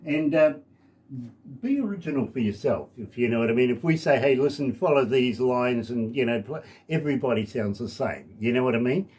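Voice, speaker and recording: A man's voice: mid-range voice, animated, brisk, a little mellow. A man from New Zealand hosting a radio interview, chatty and jokey, poking fun at himself. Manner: jokey, chatty, self-deprecating. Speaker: radio host.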